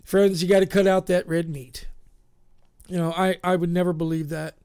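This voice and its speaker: A man's voice: high-pitched, level tone, normal speed, darkish tone, clear, resonant tone. A man hosting a live internet radio show, chatting casually and rambling with lots of fillers and self-mocking asides.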